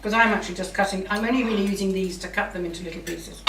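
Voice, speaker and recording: A woman's voice: medium pitch, racing, a bit bright, slight background noise. A woman hosting a cooking show, chatting enthusiastically as she talks through each step in her home kitchen. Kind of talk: casual cooking demonstration. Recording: roomy kitchen, mic at a distance.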